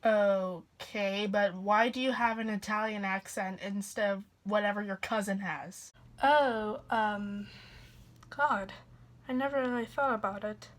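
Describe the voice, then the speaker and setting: A woman's voice: mid-range voice, steady tone, measured pace. A woman narrating a casual, sarcastic cartoon review as the channel host. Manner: snarky, sarcastic.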